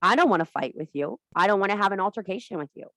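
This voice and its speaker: A woman's voice: medium pitch, animated, very fast, fairly bright tone, dry recording. A woman giving an impassioned, blunt and profane talk to a women's circle as a spiritual teacher. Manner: blunt, profane, emphatic preaching.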